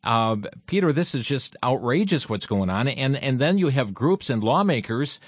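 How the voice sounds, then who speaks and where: Male talk radio host, dry close sound, halting delivery full of fillers. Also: mid-range voice, lively intonation, breathy edge, no echo. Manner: halting, many fillers and restarts. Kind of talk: radio talk show commentary.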